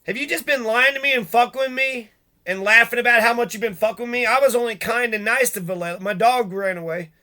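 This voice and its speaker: Angry ranting man with a bright voice. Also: very high-pitched, quick pace. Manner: profane, agitated, rhetorical questions. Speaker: vlogger.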